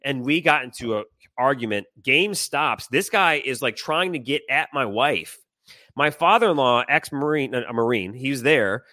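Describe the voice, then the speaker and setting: A middle-aged man telling a heated personal story on a podcast, animated and swearing, acting out the people he quotes. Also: mid-range voice, normal speed, no room sound, clean studio sound. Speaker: podcast co-host. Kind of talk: casual storytelling chat.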